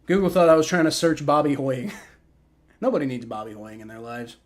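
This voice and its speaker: A man's voice: medium pitch, lively intonation, brisk. A man in his twenties hosting a livestream, mixing play-by-play with casual chat, rambling with repeated words and fillers. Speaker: livestream host. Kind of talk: live play-by-play and chat reaction.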